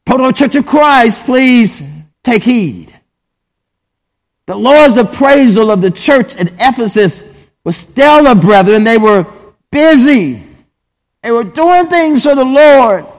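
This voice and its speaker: Emphatic preacher in a reverberant hall. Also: male voice, very high voice, expressive. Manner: emphatic, repeatedly saying "brethren", drawn-out pauses. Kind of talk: sermon.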